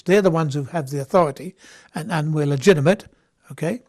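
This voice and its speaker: A man's voice: fairly high pitch, fairly quick, darkish tone. A man giving an informal Bible lecture, talking conversationally with frequent restarts and checks of "okay?". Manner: conversational, repeats words and restarts, asks "okay?". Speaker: Bible study teacher.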